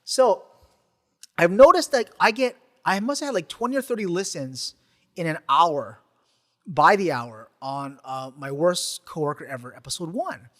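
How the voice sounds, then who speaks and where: A man with a high voice tells a story on his podcast, his pitch swinging up and down. He talks casually and animatedly, full of fillers and restarts. His voice carries a long reverb. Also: normal speed. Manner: animated, frequent "like" fillers, repeats words. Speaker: podcast host and teacher.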